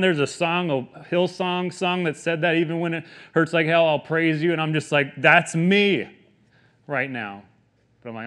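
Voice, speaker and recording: A man in his thirties, a pastor, preaching a sermon in an earnest, conversational way that swings between quiet stretches and emphatic questions. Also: on the high side, steady tone, moderate pace.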